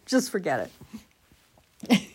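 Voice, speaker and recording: A tired, stressed woman from Oregon telling a rambling, self-mocking story to her viewers, breaking into laughter often. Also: slow pace.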